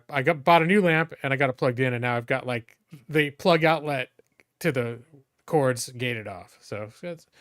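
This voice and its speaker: A man's voice: mid-range voice, a bit bright, clean tone. A man streaming from his bedroom, chatting casually and rambling as he shows the room. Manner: rambling, restarts sentences. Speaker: streamer giving a room tour. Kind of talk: casual chat. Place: bedroom at home.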